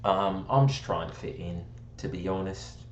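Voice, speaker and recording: American guy rambling and ribbing himself about going posh british, lowish voice, echoey room. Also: normal speed, muffled recording, slight background noise. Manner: rambling, self-mocking, joking about slipping into a posh British accent. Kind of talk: casual chat.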